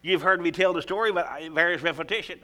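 A man's voice: high-pitched, fast, bright, forceful tone. An older man preaching a folksy sermon in church, calling out to the congregation. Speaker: pastor.

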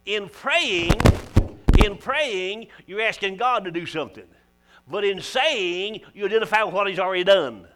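A man's voice: high-pitched, lively intonation, a little fast, pushed and bright. An older man preaching a folksy sermon in church, calling out to the congregation. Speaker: pastor.

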